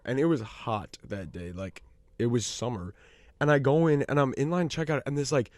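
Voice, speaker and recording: A man's voice: medium pitch, darkish tone, no echo. Give me a man co-hosting a casual podcast, rambling through funny stories with a dry, close sound. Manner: chatty anecdotal storytelling, laughs often. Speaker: podcast co-host. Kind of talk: casual chat.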